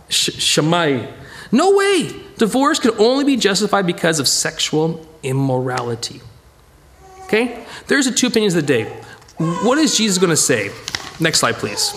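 A middle-aged man preaching a Bible study, his voice pitched high and swinging widely up and down. He talks conversationally and acts out little quotes as he teaches. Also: fairly bright tone, slight background noise. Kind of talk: sermon.

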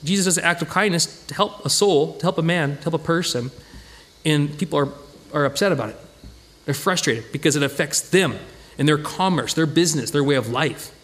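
Man, Bible study teacher, casual and lively, frequent restarts, slightly high voice. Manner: conversational, animated, acts out quoted voices, many restarts.

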